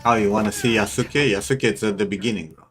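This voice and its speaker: A man's voice: lowish voice, fast, soft background music. A man streaming a game, giving casual reaction commentary, blunt and swearing freely. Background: game audio.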